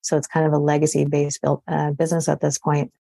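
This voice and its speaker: A woman's voice: sits low, completely flat delivery, fast, vocal fry, dark tone, no room sound. A Canadian woman talking confidently and chattily as a podcast interview guest. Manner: chatty, confident, tags statements with "right?". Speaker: podcast guest, agency CEO.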